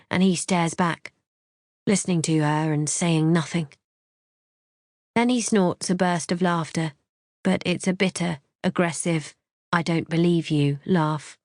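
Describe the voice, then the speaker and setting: A woman narrating a first-person thriller audiobook in an expressive, tense storytelling manner. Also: deep voice, dry recording, clean studio sound.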